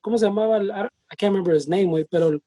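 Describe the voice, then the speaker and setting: A speaker in casual podcast chat, quick and profane, mixing Spanish slang into English. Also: medium pitch, dark tone, no room sound.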